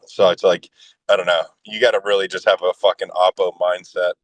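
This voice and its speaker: A man with a fairly low voice talks in a rambling, profane way during a podcast chat. His voice is dry and close to the mic. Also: flat delivery, a little fast, no echo, poor audio. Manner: rambling, heavy swearing. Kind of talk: casual chat.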